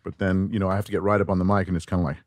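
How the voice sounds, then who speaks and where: Animated man explaining voice matching. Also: sits low, racing, no room sound. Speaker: voice actor guest. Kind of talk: casual interview chat.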